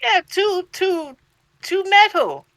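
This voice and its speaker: A simple-minded adventurer with a very high, bright, creaky voice. He fumbles for words, stammers and repeats himself, speaking slowly about himself in broken third person. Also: sing-song, no echo, heavily acted. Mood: fumbling. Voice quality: halting, stammering.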